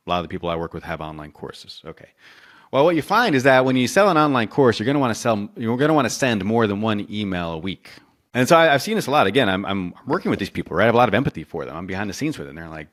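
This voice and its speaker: A man's voice: lowish voice, sing-song, racing, fairly bright tone. A man speaking as a consultant guest in a casual interview, talking animatedly with many restarts and acting out quotes.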